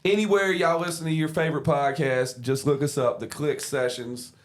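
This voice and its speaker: A man co-hosting a casual podcast, loud and laughing, swearing freely as he wraps up the show. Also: on the high side, steady tone, moderate pace. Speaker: podcast co-host.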